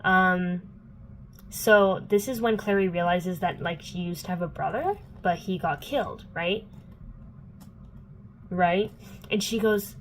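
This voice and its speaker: A woman's voice: on the low side, slow pace, long pauses, slight background noise, poor audio. A young woman vlogging a casual, sarcastic book recap full of fillers. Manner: chatty, filler-heavy, sarcastic asides.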